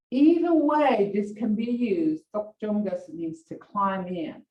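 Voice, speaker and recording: An older woman teaches in a slow, unhurried way, chatting through family stories and laughing often. She sounds far from the mic, with a dull, roomy echo around her voice. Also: mid-range voice, big pitch swings. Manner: chatty storytelling, laughs often, acts out bossy commands. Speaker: language teacher. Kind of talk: casual classroom teaching. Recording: distant, echoey, dull classroom audio.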